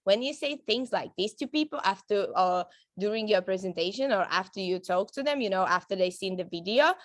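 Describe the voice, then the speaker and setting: Animated and a little fast, a woman of medium pitch addresses her team with no echo in the recording. The network marketing trainer keeps it casual and upbeat, chatting, laughing often, and using many fillers and restarts.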